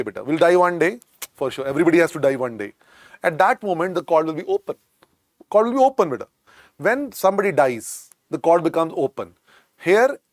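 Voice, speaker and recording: A man with an Indian accent lectures on medicine, drilling each point through emphatic repetition. His voice sits fairly high for a man, and the sound is close and dry with no room echo. He addresses his students fondly as "beta". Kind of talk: exam-prep lecture.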